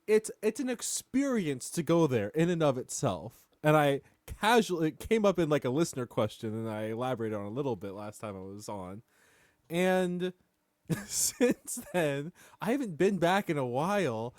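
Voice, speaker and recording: A man's voice: on the high side, big pitch swings, normal speed, a little mellow, dry recording, studio quality. A man guesting on a podcast, casually explaining something with lists and asides. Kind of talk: casual chat.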